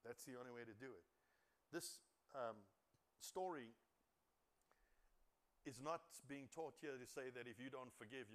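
A male pastor preaching a sermon to a congregation, reading scripture and asking the room questions, building to emphatic peaks. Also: mid-range voice.

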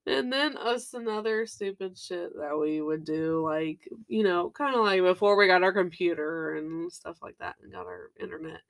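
A young adult woman co-hosting a podcast in casual chat. She is animated and giggly and swears freely. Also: lowish voice, measured pace. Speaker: podcast co-host.

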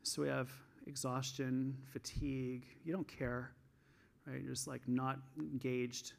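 A Canadian man giving an energetic conference talk on stage, telling coaching stories in an animated way. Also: measured pace, creaky. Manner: highly energized, animated storytelling.

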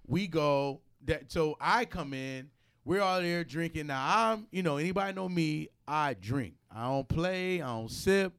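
A man's voice: a little high, measured pace, vocal fry, a bit bright, smooth. A man hosting a podcast who tells a story in a blunt, profane way and acts out the other people's lines. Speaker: podcast host. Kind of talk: casual chat, storytelling.

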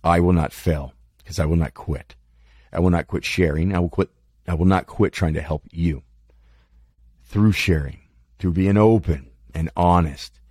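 A man's voice: low-pitched, unhurried, a little mellow, breathy edge, dry recording. A man talking candidly about his life in a rambling, self-deprecating monologue, cursing freely, his mouth dry. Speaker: podcast host.

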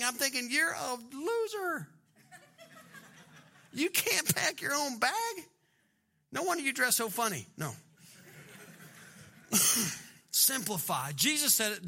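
Bright-voiced man preaching with humor. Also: very high voice. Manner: humorous, acts out quoted voices. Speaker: pastor. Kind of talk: sermon.

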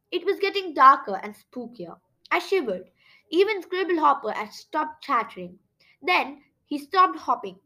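A woman reading a children's chapter book aloud in an expressive, playful storytelling voice. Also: sits high. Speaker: storybook narrator.

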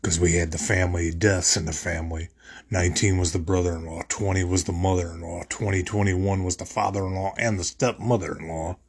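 A man's voice: low voice, steady tone, a little fast, darkish tone, husky. A man talking on his podcast in a rambling, emotional monologue, often repeating himself as he recounts his thoughts. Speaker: podcast host. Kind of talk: personal monologue.

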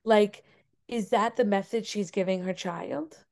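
A woman's voice: mid-range voice, measured pace, vocal fry, darkish tone. A young adult woman teacher, a podcast guest, telling a personal story earnestly with many fillers. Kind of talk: casual interview conversation.

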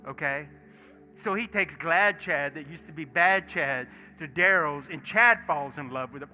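In a church sanctuary, a male pastor delivers a sermon full of stories, acting out the dialogue and lurching from hushed asides to loud shouting. His voice sits on the high side and his pace is unhurried. Soft worship music plays behind him throughout.

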